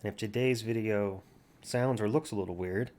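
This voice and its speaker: Soothing low-voiced man, easygoing. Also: normal speed. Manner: soft, easygoing, chatting to his cat in a babying voice at times. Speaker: vlogger. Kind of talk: casual chat while playing a word game. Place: home, at a computer with a cat in his lap. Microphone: computer mic from farther back than usual.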